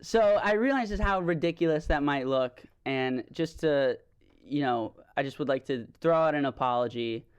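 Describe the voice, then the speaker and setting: A young man co-hosting a podcast over a video call, talking in a rambling, halting way with many fillers. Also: mid-range voice, clear, resonant tone. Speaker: podcast co-host.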